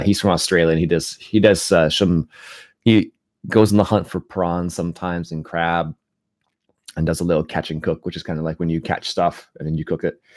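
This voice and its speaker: A man talks low and easygoing to his stream chat. He drifts from thought to thought with plenty of fillers and restarts. His voice sits close and dry, with no room sound. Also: no echo. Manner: rambling, relaxed, frequent restarts and fillers. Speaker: gaming channel host. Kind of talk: casual live-stream chat.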